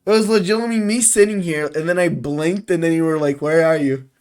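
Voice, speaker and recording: A man hosting a livestream in casual chat, rambling and excitable, quick to laugh. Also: high voice. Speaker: streamer host.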